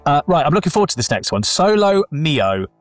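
A man presenting a casual chat show, steering the talk with an easy, relaxed manner. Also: a little high, brisk.

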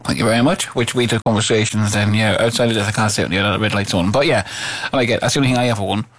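A man's voice: on the low side, steady tone, rapid-fire, fairly bright tone, no room sound. A man hosting a local radio show, chatting casually in a jokey, rambling, self-deprecating way. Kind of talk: casual chat.

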